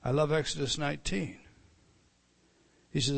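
A man preaching a sermon, teaching through a text with frequent restarts and repeated words, building to loud emphatic lines and dropping to soft asides. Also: fairly high pitch, moderate pace. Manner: animated teaching, many restarts and stammered repeats.

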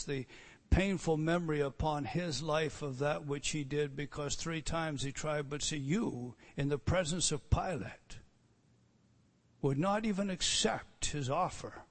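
A man preaching an expository sermon, swinging between loud declarations and hushed asides. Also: fairly high pitch.

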